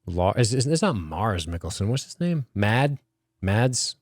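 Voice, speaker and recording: A man's voice: lowish voice, sing-song, measured pace, no room sound, clean studio sound. A man co-hosting a podcast, chatting casually and joking sarcastically. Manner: joking, sarcastic, swears freely. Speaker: podcast co-host. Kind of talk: casual chat.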